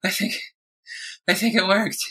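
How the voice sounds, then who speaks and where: A woman playing a tabletop role-playing game, playful and expressive. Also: medium pitch, measured pace, a little hiss or hum. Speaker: player. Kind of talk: tabletop role-play chat.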